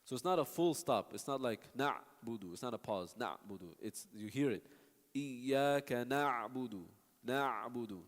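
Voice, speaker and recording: Here the recitation teacher talks at normal speed with lively intonation, a medium pitch and almost no pauses. He patiently explains, demonstrates sounds and takes students' questions, all echoing with long hall reverb.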